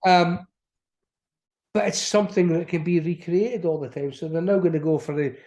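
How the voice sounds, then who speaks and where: A man's voice: a little high, steady tone, moderate pace, a little mellow. A middle-aged man with an Aberdeen Scottish accent, chatting as an actor guest in an interview, rambling with many restarts. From Aberdeen, Scotland. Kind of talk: casual interview chat.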